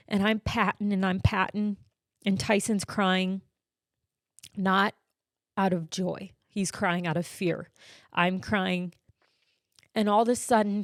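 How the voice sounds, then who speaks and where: A woman's voice: mid-range voice, slow, pauses often, no room sound. Woman podcaster telling her own story, all emotional and full of fillers, dry close sound. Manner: emotional, animated retelling with many fillers. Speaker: podcast host. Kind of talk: personal storytelling.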